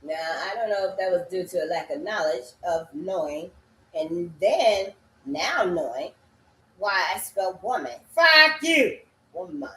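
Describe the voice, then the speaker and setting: Woman, rambling monologue, sing-song chanting, abrupt cursing outbursts, echoey room. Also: medium pitch.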